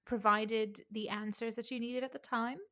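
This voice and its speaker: A woman's voice: a little high, fairly even intonation, moderate pace, sharp tone. A woman co-hosting a podcast over a call, telling stories playfully and with easy laughter. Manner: playful, giggly storyteller. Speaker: podcast co-host. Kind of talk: casual chat.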